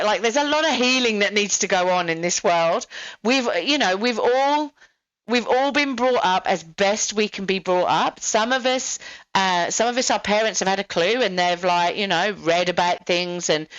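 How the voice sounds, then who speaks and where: A woman's voice: medium pitch, fairly bright tone, no room sound. Aussie lady hosting a podcast, chatty with lots of fillers, dull dry sound. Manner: chatty, many fillers like "you know". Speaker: podcast host. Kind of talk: casual interview chat.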